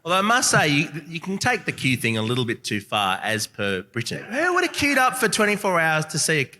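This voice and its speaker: A man's voice: on the high side, wildly swooping pitch, brisk. A man hosting a live comedy panel, tossing in dry wisecracks. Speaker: comedy podcast host. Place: festival stage with live audience. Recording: reverberant hall with loud crowd.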